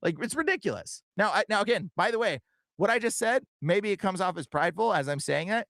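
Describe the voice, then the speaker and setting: This young man's voice is high, expressive, gravelly and a bit bright, recorded with no room sound. As a livestream podcast host, he talks fast and earnestly in a casual way, full of fillers and frequent "bro" and "like."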